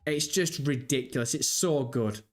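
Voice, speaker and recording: A young Englishman in his twenties with a Birmingham accent hosts a live stream, chatting casually while reading out viewer comments. His mid-range voice moves at a normal speed as he rambles and swears freely, with faint music in the background.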